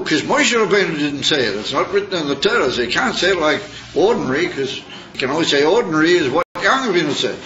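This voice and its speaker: A man teaches a Torah class in a chatty, searching way, often reaching for a word and mixing in Hebrew and Yiddish terms. His voice is fairly high and very bright. The recording sounds dull and lo-fi, with a faint hiss behind him.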